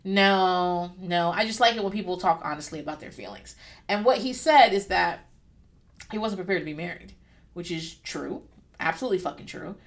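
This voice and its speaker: A woman giving casual reaction commentary on a TV show, candid and profane, with lively asides. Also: lowish voice, normal speed. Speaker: vlogger.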